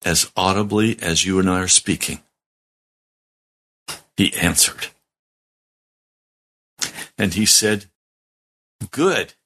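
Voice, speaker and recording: A man's voice: deep voice, steady tone, takes it slowly, long pauses, sharp tone. A middle-aged man, a pastor, telling his testimony in a sermon, earnest and heartfelt with strong emphasis.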